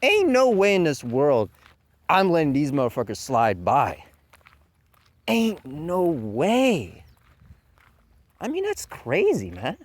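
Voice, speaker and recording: A man's voice: fairly high pitch, huge pitch swings, normal speed, dry recording. Guy ranting hard on his channel, cussing a lot, voice swings way up and down. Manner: profane, heated rant with mocking mimicry. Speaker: commentary channel host. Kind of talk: ranting commentary monologue.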